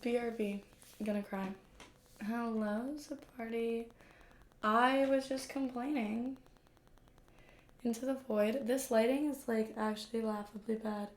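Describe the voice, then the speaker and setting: A woman's voice: on the high side, fairly even intonation, a little slow, pauses often. A young woman chatting casually with viewers on a live stream at home, complaining in a self-deprecating way. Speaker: livestreamer. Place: room at home. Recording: echoey room with faint background hum.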